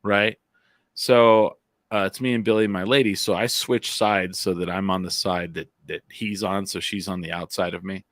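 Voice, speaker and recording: Laughing, deep-voiced man telling stories. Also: fairly even intonation, moderate pace, fairly bright tone, no echo, studio quality. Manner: laughs often while telling stories, loose and profane. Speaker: podcast co-host. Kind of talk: casual storytelling chat.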